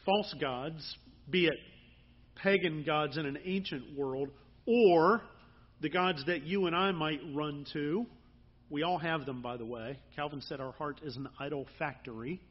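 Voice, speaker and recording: A man delivers a sermon in a conversational, earnest way, his emphasis rising now and then. His voice sits high and comes out husky. The recording sounds a little muffled. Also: measured pace. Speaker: pastor.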